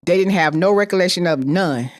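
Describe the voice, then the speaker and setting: A woman's voice: on the low side, a little fast. A woman telling a personal story with emphatic repetition, acting out the people she quotes. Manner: emphatic, repeats phrases, acts out quoted voices.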